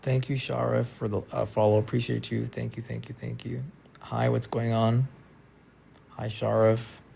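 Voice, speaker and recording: A tired man talking casually on a live stream from a friend's house, soft-spoken and trailing off with lots of fillers. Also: medium pitch, little pitch movement, normal speed, vocal fry, slight background noise. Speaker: livestreamer.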